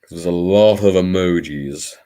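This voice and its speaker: A man's voice: sits low, moderate pace, warm tone. A man from Liverpool hosting a late-night live stream, chatting with viewers in a wry, theatrical, self-mocking way and swearing casually. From Liverpool, England.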